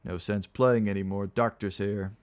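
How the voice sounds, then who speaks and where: A man's voice: on the low side, steady tone, moderate pace, darkish tone, clear, resonant tone, lightly acted. A man voicing a heavy, grumbling older male patient with a nasal twang, in a read-aloud story. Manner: grumbling, weary.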